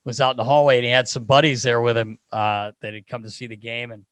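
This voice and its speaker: A male podcast co-host in the middle of an animated story, swearing freely and laughing along. His voice sits mid-range and the recording is dry and close to the mic. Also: mid-range voice, quick pace, dry recording. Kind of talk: casual storytelling.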